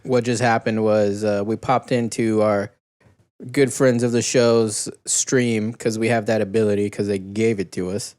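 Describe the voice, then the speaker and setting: A man's voice: lowish voice, flat delivery, a little slow, darkish tone. A man co-hosting a podcast in casual chat over a voice call, laid-back and dry. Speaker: podcast co-host. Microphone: desktop mic on voice call.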